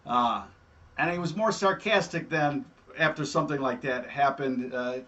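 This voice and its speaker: A man hosting a show, telling stories in a casual, animated way and often adding "all right?". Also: medium pitch, moderate pace, lo-fi sound. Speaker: host. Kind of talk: casual storytelling.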